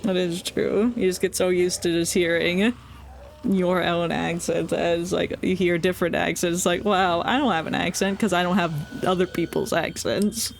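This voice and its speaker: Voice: mid-range voice, fairly even intonation, moderate pace, creaky, a little hiss or hum. A streamer with a Northeastern American accent, raised partly in the South, chatting casually and laughing often while reading game text aloud. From United States, South and Northeast. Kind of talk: casual let's-play chat.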